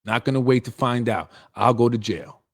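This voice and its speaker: A man's voice: mid-range voice, normal speed. A middle-aged man hosting a political show, delivering a blunt, confrontational, streetwise monologue. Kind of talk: heated monologue.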